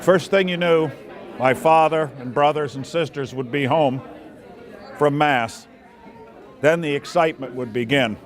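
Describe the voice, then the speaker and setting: A man reads a personal memoir aloud at a mid pitch, his storytelling fond and reminiscing. A faint murmur of people carries behind him. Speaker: memoir reader.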